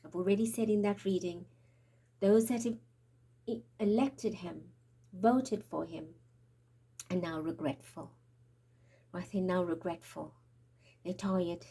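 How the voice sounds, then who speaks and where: A woman's voice: fairly low pitch, measured pace, pauses often, warm tone, slightly rough. Breathless, urgent woman tarot reader. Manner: urgent, prophetic, dips into whispers. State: out of breath, trembling. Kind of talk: spiritual tarot reading monologue.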